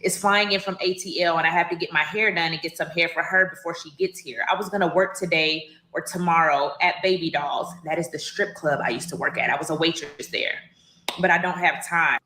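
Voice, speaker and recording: A woman's voice: fairly low pitch, fairly even intonation, fairly quick, pushed and bright. A woman reading entries from her old diary aloud, breaking off for chatty asides to her listeners. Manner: chatty, addresses listeners as y'all. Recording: echoey room.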